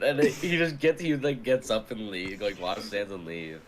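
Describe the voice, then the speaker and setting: A man's voice: mid-range voice, expressive, moderate pace, few pauses, a crowd in the background, rough recording. A young man telling a rambling, swearing school story in casual chat and laughing often. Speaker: podcast co-host.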